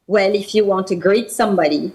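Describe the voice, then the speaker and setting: A woman's voice: mid-range voice, a little fast, a little mellow, husky, low-quality recording. A woman with a French accent, a guest on a morning TV show, patiently teaching French phrases and repeating them for the hosts to practise.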